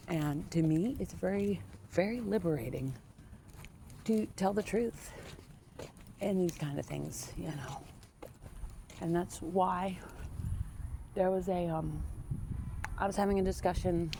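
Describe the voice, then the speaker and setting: A woman with a low, gravelly voice chats as she walks home outdoors, frank and rambling, with lots of pauses and fillers. The sound comes from a phone held outside, with steady background noise running under her voice. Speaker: vlogger. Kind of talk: casual rambling chat while walking.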